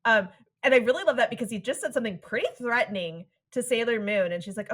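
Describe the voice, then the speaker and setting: A woman's voice: on the high side, quick pace. A woman co-hosting a podcast, recapping a cartoon episode in a casual, wry and giggly way. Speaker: podcast co-host.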